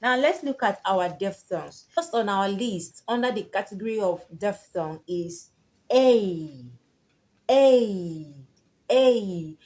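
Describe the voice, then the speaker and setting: A woman's voice: mid-range voice, lively intonation, moderate pace, hardly any pauses. A woman teaching English pronunciation, spelling words out letter by letter and repeating them with stretched vowels for emphasis. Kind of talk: slow, deliberate pronunciation lesson.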